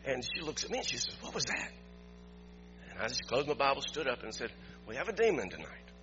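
A man, a pastor, preaching a sermon in an animated storytelling way that climbs to emphatic peaks. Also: mid-range voice, fairly quick, muffled recording, faint music behind.

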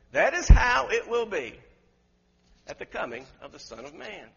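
Male preacher, husky and high-pitched, emphatic sermon delivery, lo-fi recording with long hall reverb. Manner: emphatic, questions the congregation, rises to loud peaks.

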